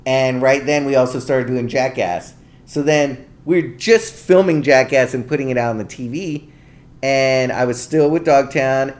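A man guest on a podcast, telling laid-back, animated anecdotes in a casual conversation. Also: medium pitch. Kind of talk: casual storytelling.

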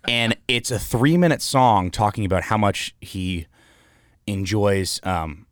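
Podcast guest, male, low pitch, dry close sound, rambling storyteller. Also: unhurried, clean tone, dry recording. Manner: animated, rambling anecdotes with fillers and swearing. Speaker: guest, founder of an artist house. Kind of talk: casual storytelling in an interview.

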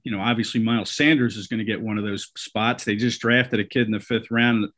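A man's voice: lowish voice, fairly even intonation, brisk, a bit bright. A man hosting a casual sports talk show, conversational, with many fillers and restarts. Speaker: sports podcast host.

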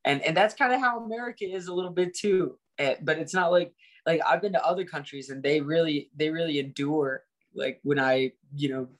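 Podcast guest, man from Indiana, about thirty, energetic and rambling, a bit high-pitched. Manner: energetic, rambling, lots of fillers and restarts. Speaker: guest fighter. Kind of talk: casual podcast chat.

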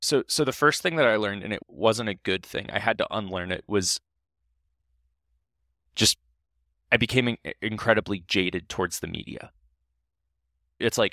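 Low-voiced man telling a story. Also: no room sound, studio quality. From Ohio. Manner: animated, halting storyteller with many restarts. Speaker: podcast guest. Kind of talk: casual storytelling interview.

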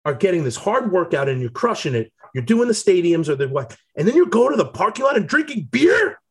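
A man imitating an angry male football coach who shouts at his players in a raised, high voice. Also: sing-song, fairly quick. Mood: scolding.

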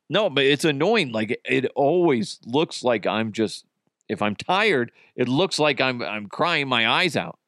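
A man hosting his own podcast, rambling and joking with sudden high-pitched bursts. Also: a bit bright, no room sound, studio quality. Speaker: podcast host. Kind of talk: casual solo podcast chat. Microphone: camera and studio mic.

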